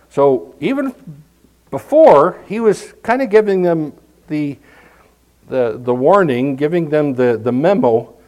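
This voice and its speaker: A man's voice: on the high side, lively intonation, slow, a little mellow, poor audio. A middle-aged male pastor preaching a conversational sermon, with emphatic scripture readings.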